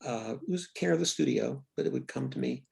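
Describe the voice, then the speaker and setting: A man's voice: medium pitch, animated, gravelly, husky. An older man, a film writer and director, telling candid stories in an interview with a reflective manner and frequent restarts. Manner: reflective, restarts often, quiet trailing pauses.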